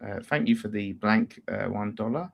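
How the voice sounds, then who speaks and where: A man, hosting a fan channel and reading out viewer messages in a relaxed, matter-of-fact way. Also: fairly low pitch, normal speed, gravelly, lo-fi sound.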